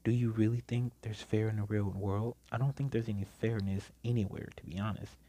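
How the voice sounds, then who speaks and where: A curt, dismissive teacher who is sleepy, stern and has no patience for complaints, as a man puts him on while telling a story. The voice sits fairly low and mellow, close to an everyday speaking voice. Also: steady tone, a little fast, breathy edge. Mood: blunt. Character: stern, sleepy, blunt adult male teacher.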